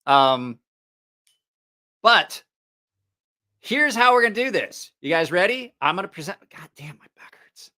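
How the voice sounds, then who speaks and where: A man's voice: sits high, big pitch swings, measured pace, long pauses, pushed and bright. A man hosting a live stream, telling a rambling, profane story in a casual way and laughing at his own jokes.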